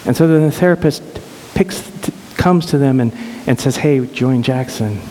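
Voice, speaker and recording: A middle-aged man telling an emotional personal story earnestly, often halting and repeating words. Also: fairly high pitch, darkish tone. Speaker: speaker sharing a personal story. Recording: reverberant hall with faint hiss.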